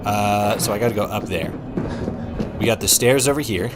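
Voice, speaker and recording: A man's voice: lowish voice, moderate pace, long pauses, loud music behind the voice. A young man from Oregon streaming a game, chatting casually, swearing and laughing often. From Oregon, USA. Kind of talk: casual live-stream chat while playing.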